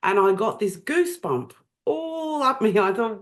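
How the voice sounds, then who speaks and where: A woman interviewing a guest, telling a personal story in a chatty, animated way. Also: mid-range voice, normal speed. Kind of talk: conversational interview.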